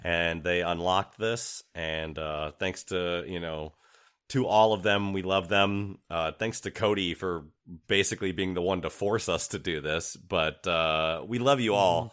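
A man's voice: sits low, unhurried, a bit bright, clean tone. A man co-hosting a podcast from home, rambling, laughing often and trailing off mid-sentence. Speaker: podcast co-host. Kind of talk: casual chat. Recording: remote recording from home.

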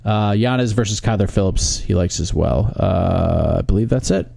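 A man's voice: on the low side, moderate pace, vocal fry, mellow, dry recording. A man co-hosting a casual sports podcast, wryly reading listener emails aloud. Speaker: podcast co-host.

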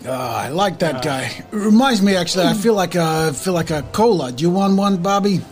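A fairly high-voiced man with a lot of swing in his pitch joins a tabletop game, joking around in a lively way. Clear music plays behind him. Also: a little fast. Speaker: player. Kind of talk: tabletop role-play chat.

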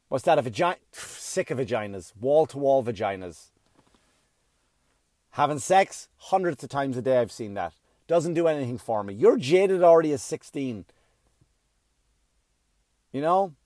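A man's voice: mid-range voice, animated, normal speed, darkish tone, dry recording, studio quality. A middle-aged man doing a profane, ranting stand-up comedy set, acting out little voices as he goes.

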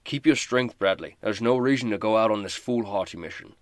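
A man voicing a self-important male advisor who speaks in a lofty, dismissive, measured way. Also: on the low side, dry recording, studio quality, close to an everyday voice.

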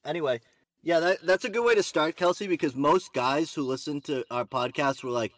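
A man's voice: a little high, brisk, no room sound. Brash young man, dry close sound. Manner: brash, swears freely, teasing. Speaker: podcast host. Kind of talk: casual chat.

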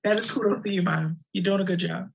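A woman co-hosting a casual chat show, chatty and quick to laugh as she tells stories. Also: on the low side, fairly even intonation, creaky, noisy background. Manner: chatty, storytelling, laughs easily. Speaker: co-host.

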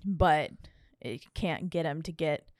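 A woman's voice: deep voice, slow pace, darkish tone, no room sound, clean studio sound. A woman co-hosting a podcast, recapping a horror film in casual, filler-heavy chat while checking her notes. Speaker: podcast co-host.

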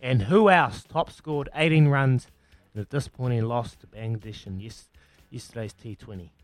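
A man's voice: mid-range voice, moderate pace, dry recording. A man with a New Zealand accent hosting a breakfast radio quiz, chatting with callers in matey banter and counting down their answers.

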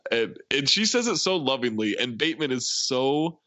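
Animated bright-voiced man retelling a movie. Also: mid-range voice, normal speed, no room sound. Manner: animated retelling of film scenes, laughing often. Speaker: podcast co-host. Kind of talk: casual movie podcast chat.

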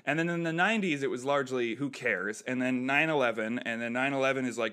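A comedian and veteran from the United States talks in a bright, forceful voice. He tells his stories with energy and acts out the lines of the people in them. The whole thing has the easy feel of a casual podcast chat. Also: medium pitch, quick pace, few pauses, clean tone. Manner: animated storyteller who acts out other people's lines.

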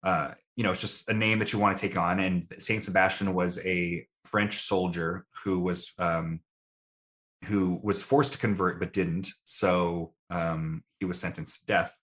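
A man's voice: low-pitched, steady tone, unhurried, fairly bright tone. A young adult man answering interview questions in a casual, thoughtful, self-deprecating way. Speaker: guest.

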